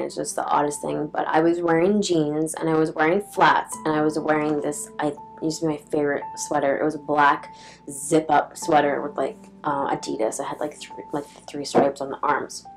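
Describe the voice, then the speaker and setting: A young woman with a notably low, deep voice recounts a personal story to the camera. She rambles casually, leaning on "like" and swearing bluntly. Faint music sits softly behind her. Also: fairly even intonation, fairly quick, low-quality recording. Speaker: vlogger.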